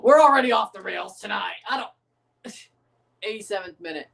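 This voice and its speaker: A man's voice: high-pitched, expressive, fairly quick, creaky, fairly bright tone, recorded from a distance, slight background noise. A man hosting a livestream, giving loose reaction commentary on a football match, laughing often, swearing and calling out the match minutes. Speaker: livestream host. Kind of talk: casual watchalong reaction commentary.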